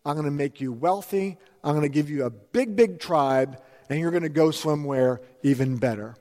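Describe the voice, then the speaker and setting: A man voicing God as a calm, commanding deity during a sermon, with solemn declarations. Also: sits high, normal speed. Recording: long hall reverb.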